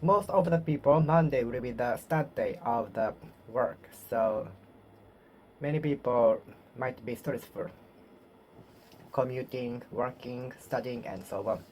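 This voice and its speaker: A woman with a low voice practices English alone in a self-study monologue. Her first language is Japanese. She talks slowly, repeats words and corrects herself, over a faint hiss. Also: mellow. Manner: slow, repetitive, self-correcting practice speech.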